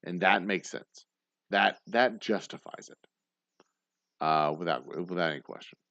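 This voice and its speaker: A tipsy man, hosting a casual livestream and rambling fast. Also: sits low, creaky, a bit bright, no room sound, highs cut off. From Texas. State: tipsy, slurring. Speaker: livestream host.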